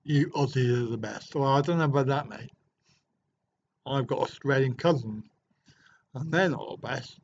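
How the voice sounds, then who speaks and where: A man's voice: mid-range voice, normal speed, pauses often, darkish tone, slight background noise. A middle-aged man hosting a livestream from a hotel room, chatting casually and joking as he answers viewer comments. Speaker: livestream host. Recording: dull lo-fi livestream audio.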